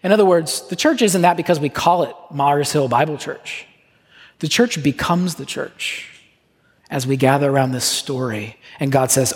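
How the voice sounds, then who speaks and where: Male pastor, earnest sermon, husky voice, echoing church hall. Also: on the high side. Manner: earnest, slow repeated refrains, lively asides. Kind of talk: sermon leading communion. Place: church sanctuary. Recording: reverberant church hall, soft guitar.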